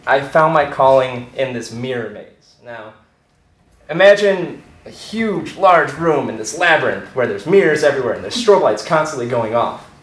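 A man's voice: mid-range voice, lively intonation, moderate pace, fairly bright tone. A young man telling a comic personal story on stage to a live audience, laughing and self-deprecating. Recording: echoey room from far off, faint noise.

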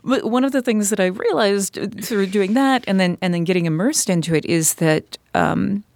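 A woman's voice: mid-range voice, moderate pace, vocal fry, a little mellow, dry recording. A woman guest on a podcast, an author and puppeteer, chatting casually and telling stories with many fillers and restarts. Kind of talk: casual conversation.

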